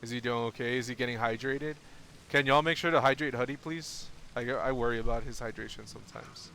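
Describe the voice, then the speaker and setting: A man's voice: medium pitch, steady tone, brisk, creaky, bright, forceful tone, a little hiss or hum. Giggly, rambling male streamer. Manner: rambling, joking, giggly, talks to chat. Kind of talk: casual live-stream chat while playing a game.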